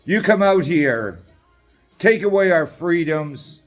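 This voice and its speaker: A man's voice: a little high, animated, slow, faint music behind. A middle-aged man from Canada, ranting in an angry, combative and sarcastic way as a political activist, swearing often.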